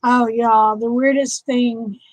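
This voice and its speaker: A Southern woman with a high voice talks to her viewers on a livestream, emotional and close to tears. Her chatty voice sounds dry and close to the mic. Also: fairly even intonation, slow, dry recording, poor audio. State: tearful. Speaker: livestream host. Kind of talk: casual live chat with viewers.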